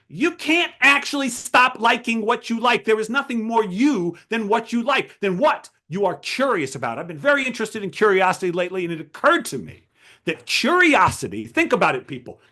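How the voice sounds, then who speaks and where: Male writing coach, high and very expressive, emphatic lecture delivery. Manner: animated, emphatic, rhetorical questions. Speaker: writing coach giving a talk. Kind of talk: lecture to a writers' group.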